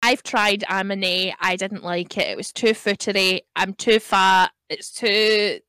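A woman chats on a podcast in a frank, joking way. Her voice sits at a middle pitch. The sound is dry and close, with no room around it. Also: a little slow, clear, resonant tone, no echo. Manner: frank, joking, animated storyteller. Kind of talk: casual podcast chat.

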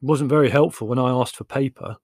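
A man's voice: medium pitch, fairly quick, darkish tone, slightly rough, no room sound. A blunt young man who grumbles in a plain, firm voice, as a male reader does him. The sound is dry and close. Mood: grumbling. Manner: blunt, complaining.

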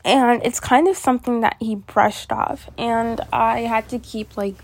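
A woman's voice: on the high side, steady tone, a little slow. A young woman hosting a podcast, chatting in a casual, rambling way with lots of fillers and restarts as she tells a personal story. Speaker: podcast host.

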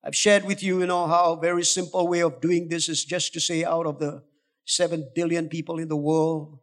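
A high-pitched male pastor preaches with urgency, swinging between coaxing lows and near-shouted peaks. His voice rings through a church hall with a long, lingering reverb. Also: flat delivery, moderate pace. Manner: urgent, exhorting, rising to shouts, coaxing the congregation. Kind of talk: sermon.

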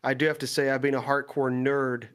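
A native Dutch speaker from the Netherlands talks on a podcast call at a mid pitch. His English is fluent, and he explains things at length with easy fillers. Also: fairly quick, clear, resonant tone. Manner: relaxed, talks in long winding explanations with fillers. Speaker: guest. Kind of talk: casual podcast chat.

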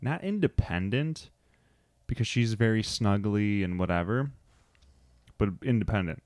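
A man in his thirties co-hosting a podcast, telling a relaxed story in casual chat. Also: on the low side, measured pace, no echo, studio quality. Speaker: podcast co-host.

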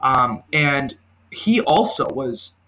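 A man co-hosting a podcast, chatting casually about movies and acting out his own reactions in an animated way. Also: medium pitch, slow, poor audio. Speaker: podcast co-host. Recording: home podcast recording.

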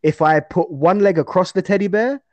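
Young man, animated storyteller, slightly high voice, dry close sound. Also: normal speed, no room sound, highs cut off. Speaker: guest fighter. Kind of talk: casual podcast chat.

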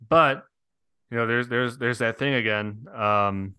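Laid-back male podcast co-host, smooth crisp voice, relaxed chatter. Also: mid-range voice, a little slow, no room sound, clean studio sound. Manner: laid-back, says dude and man a lot. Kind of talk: casual chat.

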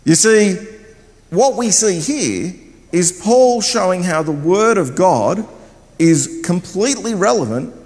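An older man preaching a sermon in a church, loud and chatty, wandering about as he talks. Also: high-pitched, animated, takes it slowly. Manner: loud, chatty, wanders around while talking. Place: church hall. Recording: long hall reverb.

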